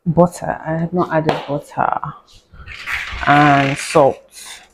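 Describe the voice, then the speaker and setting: In a casual cooking storytime, a young woman, a doctor who vlogs, spins a sarcastic, chatty tale, laughing and muttering to herself. She speaks slowly in a deep voice with fairly even intonation, and background noise is audible.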